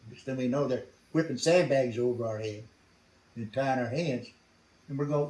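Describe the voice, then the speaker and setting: A man's voice: mid-range voice, normal speed, a little mellow, recorded from a distance. Blunt older man telling war stories. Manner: blunt, salty, chuckling storyteller. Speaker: veteran interviewee. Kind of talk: storytelling interview. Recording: roomy sound from off mic.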